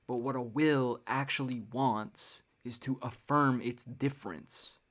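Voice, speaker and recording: A woman's voice: extremely low pitch, steady tone, measured pace. A young woman hosting her own podcast, talking casually on her own in a ranting, profane way with wry laughs. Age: young adult. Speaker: podcast host. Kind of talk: casual solo podcast monologue.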